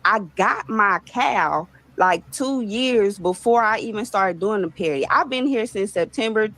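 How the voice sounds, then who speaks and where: A woman's voice: mid-range voice, measured pace, a bit bright. A woman content creator explaining herself defensively in a casual, matter-of-fact way, heard in a played video clip.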